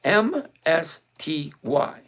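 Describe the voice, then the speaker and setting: A man's voice: on the high side, big pitch swings, extremely slow, fairly bright tone. A man hosting a live stock-trading stream, talking casually and lecturing his viewers with an exasperated, emphatic manner. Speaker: livestream stock trading host. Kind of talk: casual livestream commentary.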